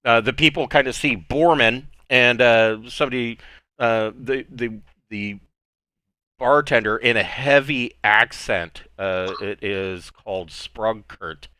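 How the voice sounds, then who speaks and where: A man narrating a tabletop game as game master, halting and hesitant with many fillers. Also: medium pitch, pushed and bright, clear, resonant tone, dry recording. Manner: halting, full of fillers and restarts.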